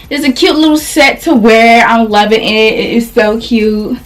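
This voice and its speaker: Chatty young woman, out of breath. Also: fairly high pitch. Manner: chatty, rambling, addresses viewers as y'all. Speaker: vlogger. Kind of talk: casual clothing haul.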